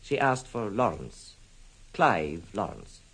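An actor playing an anxious, formal gentleman worried about his look-alike cousin, in an old radio drama. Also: lowish voice, very animated, takes it slowly, husky, exaggerated voice, poor audio. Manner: hesitant, earnest, formal. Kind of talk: 1950s radio drama acting.

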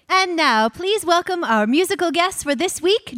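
Lively high-voiced female show host. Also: moderate pace, hardly any pauses. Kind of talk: scripted show announcement.

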